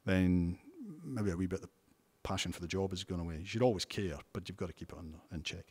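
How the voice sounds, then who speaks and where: A man's voice: deep voice, quick pace, dark tone, slightly rough. A Scottish man, a television news presenter, giving chatty interview answers full of restarts and wry asides. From Scotland.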